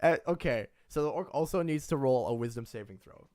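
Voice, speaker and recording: A man's voice: medium pitch, expressive, a little fast, darkish tone. A man narrating as game master, stumbling and restarting as he describes the scene.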